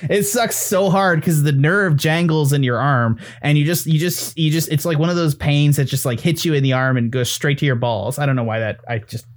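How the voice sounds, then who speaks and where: A man reviewing films on a podcast, talking in a rambling, animated way, swearing and laughing often. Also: on the high side, brisk, hardly any pauses. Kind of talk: casual chat.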